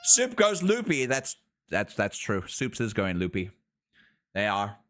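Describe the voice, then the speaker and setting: A man's voice: lowish voice, wildly swooping pitch, a little slow, fairly bright tone. A man streaming live, chatting loosely with his viewers, drowsy and loopy from allergy medication, goofy and rambling and breaking into sing-song chants.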